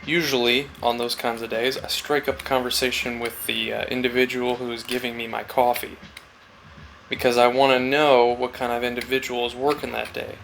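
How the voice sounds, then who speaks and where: A man's voice: medium pitch, flat delivery, moderate pace, creaky, fairly bright tone, slight background noise. A man talking casually and reflectively while carving wood, rambling through a story and acting out little conversations. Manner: rambling, storytelling, acts out quoted chats. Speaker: woodcarver vlogger.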